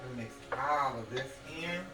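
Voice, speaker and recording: A woman hosting a casual home cooking demonstration, talking the viewer through each step and checking in with a quick "okay?" again and again. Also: very deep voice. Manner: chatty, keeps checking in with the viewer by asking "okay?". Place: home kitchen. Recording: echoey kitchen with background music.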